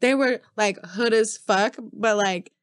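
A woman's voice: medium pitch, unhurried, no echo, clean studio sound. Giggly, foul-mouthed woman telling a story. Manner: loose, profane storytelling with frequent laughter. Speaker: podcast co-host. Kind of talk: casual chat.

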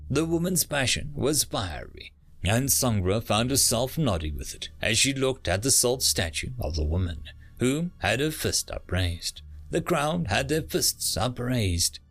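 Male audiobook narrator, gravelly timbre, expressive pitch movement, dramatic reads. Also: measured pace. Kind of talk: scripted narration.

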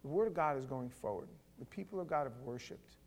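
A man pastor giving a conversational sermon with stammering restarts, swelling into loud fervor. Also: medium pitch, expressive, brisk.

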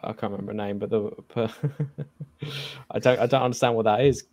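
An English man talking through a film in loose, rambling podcast chat, full of "ums" and restarts. His voice sits low, and the recording is dry and close with no room sound. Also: moderate pace, darkish tone, dry recording. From England. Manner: rambling, many fillers and restarts. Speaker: podcast co-host.

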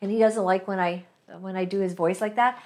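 A woman's voice: medium pitch, steady tone, fairly quick, darkish tone. A woman from Canada hosting a talk show, telling a personal story in a chatty way with many fillers and asides. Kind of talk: casual faith-based commentary.

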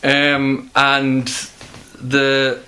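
A British man hosts a casual film podcast in a bright, forceful voice. He talks slowly and hesitantly, leaning on fillers as he goes. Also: medium pitch, monotone. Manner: hesitant, filler-heavy, slow. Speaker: podcast host. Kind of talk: casual chat.

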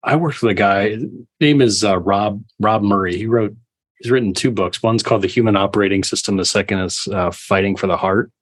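A man's voice: fairly low pitch, a little fast, breathy edge. A man hosting a podcast interview, asking questions conversationally with repeated starts. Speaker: podcast host. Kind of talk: casual interview.

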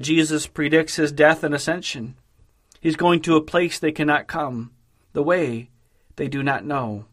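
A man preaching a devotional sermon in a measured, emphatic way, slowing down on key phrases. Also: medium pitch, a bit bright.

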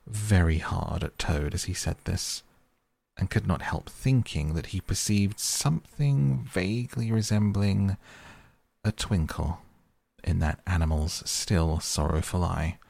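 Deep, gravelly storybook narrator man. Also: a little mellow, no room sound. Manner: slow, deliberate reading. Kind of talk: storybook reading.

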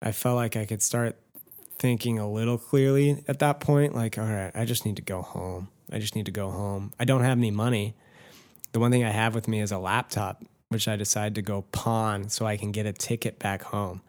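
Low-voiced man telling a rambling story. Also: fairly even intonation, moderate pace, a little mellow. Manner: self-deprecating, swears freely, rambling asides. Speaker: podcast host telling a story. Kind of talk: casual storytelling chat.

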